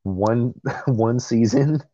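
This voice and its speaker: A man's voice: medium pitch, very slow, mellow, no echo, highs cut off. A young man co-hosting a webtoon read-along, blunt and swearing with frequent laughs. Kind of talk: casual chat.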